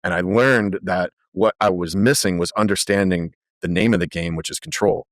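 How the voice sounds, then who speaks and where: A man guesting on a podcast, telling animated stories full of fillers in a conversational way. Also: deep voice, moderate pace, no room sound, studio quality. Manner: animated, lively storyteller with frequent fillers. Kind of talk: conversational storytelling.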